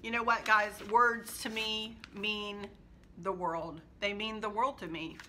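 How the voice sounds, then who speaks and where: A woman's voice: medium pitch, steady tone, a little slow, sharp tone, slight background noise. A woman hosting her home decor channel, chatting casually and emotionally to viewers and laughing often.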